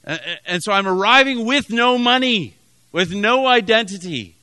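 A man's voice: sits high, lively intonation, normal speed, sharp tone, smooth, dry recording. A man from Canada preaching a sermon as pastor, telling a story with many restarts and emphatic repetition.

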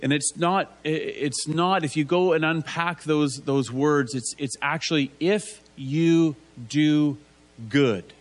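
Guy giving a chatty sermon, kinda high voice, throws in "isn't there?" and plays out the bible characters. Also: steady tone, a little slow, few pauses. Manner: asks rhetorical tag questions; acts out biblical figures in casual voices. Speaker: preacher. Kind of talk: conversational sermon.

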